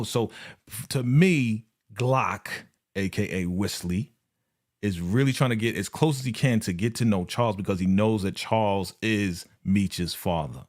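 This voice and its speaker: A man's voice: on the low side, a little slow. Guy hosting a live tv recap, slangy, laughs a lot, talks right to the fam. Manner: animated, laughing, slangy, acts out quotes. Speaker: host of a live TV episode review. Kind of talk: casual live review chat.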